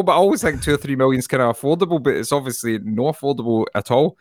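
A man's voice: mid-range voice, fast, hardly any pauses, no room sound, studio quality. A Scottish man in a casual chat over a video call, rambling, swearing freely and laughing often.

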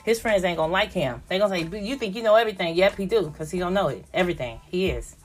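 Chatty older woman, low voice. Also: expressive, fast talker, faint music behind. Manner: chatty, rambling, acts out voices of family. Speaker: vlogger. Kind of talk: casual chat.

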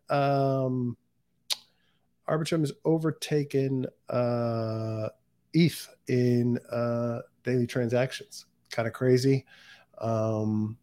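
Male livestream host, unhurried and rambling, distracted and filler-heavy, mid-pitched. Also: darkish tone. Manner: rambling, distracted, thinking aloud with many fillers. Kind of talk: casual solo livestream chat.

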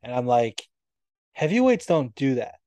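A man co-hosting a chatty podcast, talking loosely and swearing freely. His voice is mellow and dark, and the sound is close and dry. He slips into quoted asides as he tells stories. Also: mid-range voice, unhurried, no room sound. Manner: swears often, animated storytelling with quoted asides. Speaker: podcast co-host. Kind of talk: casual chat.

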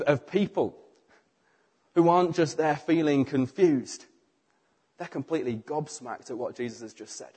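A middle-aged British man preaching a sermon, telling the story with animated acted-out voices. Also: a little high, husky.

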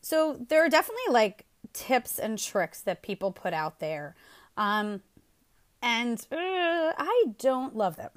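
Upbeat woman host giving parenting tips, higher voice, lots of swing in her pitch. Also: very animated, unhurried. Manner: chatty, laughs often, upbeat. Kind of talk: casual parenting advice.

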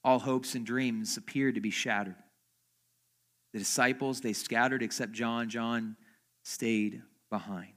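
A male pastor preaching a dramatic sermon at a church service, swinging from loud emphasis to soft, near-whispered lines. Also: mid-range voice.

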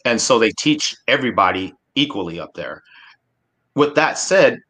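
A man's voice: mid-range voice, lively intonation, normal speed, a bit bright. A man in his forties from Alaska, a guest speaking earnestly and emphatically in a casual discussion, often restarting his sentences. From Alaska, USA.

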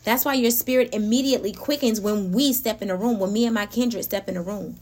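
A woman in a middle pitch hosts a casual talk about faith and everyday life. She is animated and laughs often, speaking straight to her listeners. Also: brisk. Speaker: podcast host.

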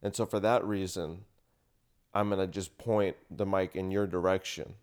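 A man's voice: deep voice, steady tone, normal speed, a little mellow. A man hosting a casual podcast chat, rambling and sarcastic, recorded on one handheld recorder. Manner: rambling, sarcastic, restarts his sentences. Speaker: podcast host. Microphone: single handheld recorder.

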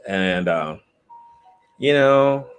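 A man who makes videos, talking casually and softly to his viewers in a rambling way, with lots of fillers and restarts. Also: deep voice, animated, extremely slow, clean tone, soft background music. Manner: rambling, soft-spoken, frequent fillers and restarts. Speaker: video creator. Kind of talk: casual livestream chat.

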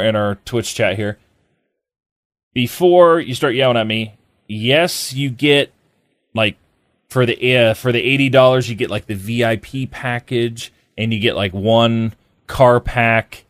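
A man's medium-pitched, unhurried voice carries a casual podcast conversation. He rambles with plenty of fillers and restarts, captured in studio quality without echo.

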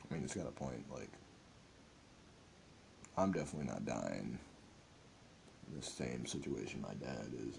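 A young man hosts his own podcast, speaking alone in an earnest, meandering way full of filler words. His voice sits very low with a gravelly fry and a dark, mellow tone. Faint background noise hums under the recording. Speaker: podcast host. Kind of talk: reflective solo podcast monologue.

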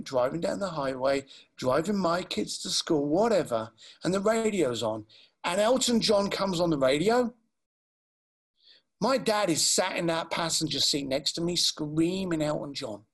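A grown son quietly recalls his late father, his voice gravelly and husky as a man retells his words. He speaks slowly and haltingly, with deep feeling. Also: animated. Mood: tender.

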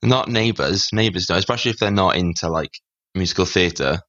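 A man co-hosting a podcast and being interviewed, chatting casually with dry, deadpan jokes. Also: low voice, a little fast, no echo, muffled recording. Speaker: podcast co-host, interview guest. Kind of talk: casual chat.

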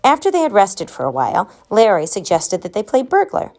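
A woman reading a children's storybook aloud, gentle and expressive, giving the children's lines their own voices. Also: medium pitch, a little fast.

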